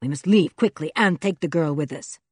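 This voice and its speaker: Casting: woman reading as a cruel mad bearded villain, snarling and bossy, low husky voice, storybook. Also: brisk, darkish tone, no room sound, studio quality. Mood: commanding. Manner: snarling, commanding.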